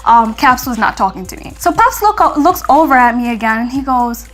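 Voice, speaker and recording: A woman's voice: fairly high pitch, a little fast, few pauses, faint music behind. A young American woman telling a story in a casual vlog, chatty and acting out what people said. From United States. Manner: chatty, acts out quotes in lively voices, frequent fillers. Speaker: vlogger.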